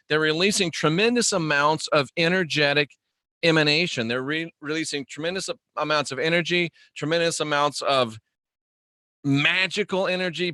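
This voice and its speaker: A man's voice: a little high, pushed and bright, no echo, studio quality. A man hosting a casual livestream monologue, rambling and joking as he answers viewer comments. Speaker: host.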